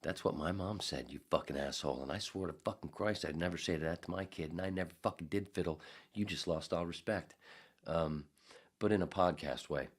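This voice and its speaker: A man's voice: low voice, a little fast. A man hosting a casual podcast, reading out chat comments and rambling through crude, profane jokes. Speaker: podcast host.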